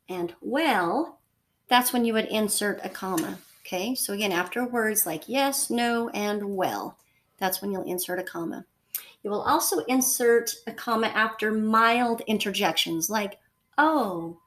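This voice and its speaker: A woman teacher giving a recorded lesson to her class, patient and repetitive, checking in often with the listener. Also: mid-range voice. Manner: patient, repeats points, frequent okay and so.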